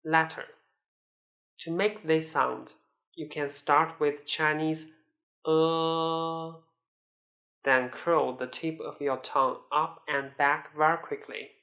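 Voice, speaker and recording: Slow, bright-voiced Mandarin pronunciation teacher. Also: male voice, a little high, fairly even intonation, gravelly. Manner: drawn-out model syllables with exaggerated tones; patient, step-by-step explaining. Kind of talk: slow, deliberate language lesson.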